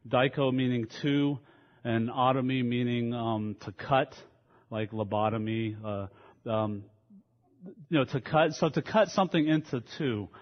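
Earnest preacher in an echoey hall. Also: male voice, mid-range voice, unhurried. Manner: earnest, explains words conversationally. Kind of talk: sermon with opening prayer. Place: church sanctuary. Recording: echoey hall, dull lo-fi sound.

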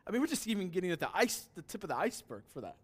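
A man preaching a sermon as pastor, asking rhetorical questions and swinging between loud declarations and quiet asides. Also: high-pitched, big pitch swings, rapid-fire, slightly rough.

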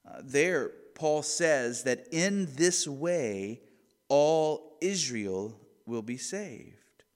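Earnest preacher man in a reverberant hall. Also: fairly high pitch. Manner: earnest, deliberate teaching with emphatic stresses. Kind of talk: expository sermon.

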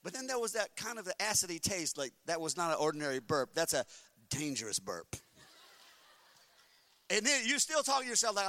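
A male pastor delivers an animated sermon, his high, piercing voice swinging from hushed asides to shouted peaks. He slips into funny stories, acting out the inner voices of his listeners. The sound is close and dry. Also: fairly quick, dry recording. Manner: humorous storytelling with acted-out inner voices.

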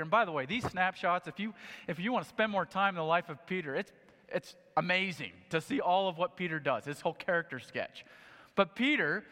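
A man's voice: high-pitched, pushed and bright. A man preaching a sermon, telling a story with animation and acting out the quotes. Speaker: pastor. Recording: long hall reverb.

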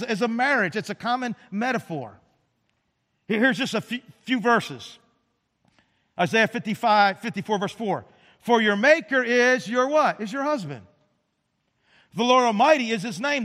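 A man's voice: high voice, fairly bright tone. A man in his fifties preaching a sermon with an emphatic, dramatic delivery. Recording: long hall reverb.

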